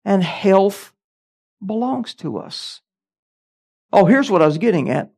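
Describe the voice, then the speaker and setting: A man's voice: high-pitched, expressive, takes it slowly, warm tone. A middle-aged man, a pastor, preaching a sermon with emphatic delivery and frequent amens.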